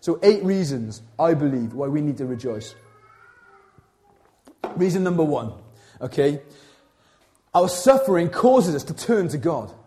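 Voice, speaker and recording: A young man preaching with a high-pitched but mellow voice. He talks to the congregation like friends, jumping from jokes to earnest appeals and stumbling over repeated words as he goes. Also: unhurried, long pauses. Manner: animated, conversational preaching with asides and repetitions. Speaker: pastor. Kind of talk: sermon.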